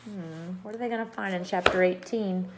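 A woman reading a children's book aloud in an expressive, lively storytelling manner. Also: fairly low pitch, moderate pace, background noise.

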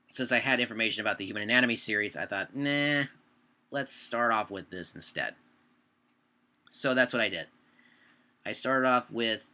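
Young male vlogger, casual and rambling, bright, pointed tone. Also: on the low side. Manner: rambling, self-correcting. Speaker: YouTube creator. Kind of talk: casual talk to camera.

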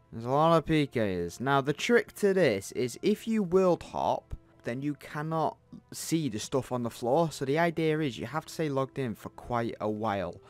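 A man co-hosting a gaming video, cocky and hyped, swearing as he commentates. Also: medium pitch. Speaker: gaming co-host. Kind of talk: live gameplay commentary.

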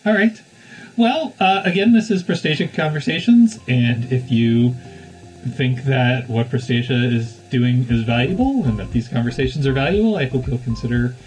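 A male podcast host with an ordinary middle pitch leads the talk, framing questions tentatively with "I guess." Faint music sits behind him. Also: animated, moderate pace, a little mellow, rough recording. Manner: hesitant, hedging with "I guess". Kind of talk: podcast hosting.

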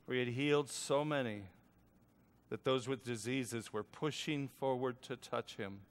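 An older man preaching a storytelling sermon, swinging between hushed and loud lines. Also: medium pitch, unhurried, big-room sound. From United States.

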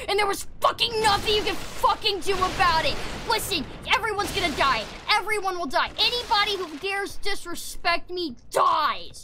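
A woman streaming a video game live, playful and dramatic, with baby talk and loud outbursts at enemies. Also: extremely high pitch, moderate pace, hardly any pauses, background noise.

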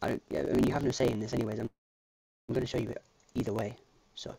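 A man's voice: mid-range voice, fairly even intonation, very fast, creaky, warm tone, breathy edge. A man chatting casually on a game livestream, rambling and restarting his sentences, with the odd casual swear word. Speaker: streamer.

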